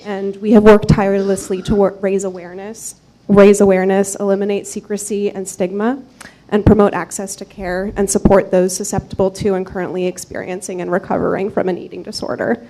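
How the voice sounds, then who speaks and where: Soft-spoken woman with a dark tone. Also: mid-range voice, level tone, poor audio. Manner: soft-spoken, reads quickly with small fillers. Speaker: clinical psychology fellow at a nonprofit. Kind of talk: prepared public remarks. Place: city commission chamber.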